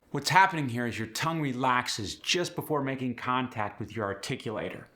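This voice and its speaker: A man coaching pronunciation in a clear, upbeat, instructive manner. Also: mid-range voice, lively intonation, a little fast, few pauses, bright, forceful tone. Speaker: accent coach. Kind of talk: pronunciation tutorial.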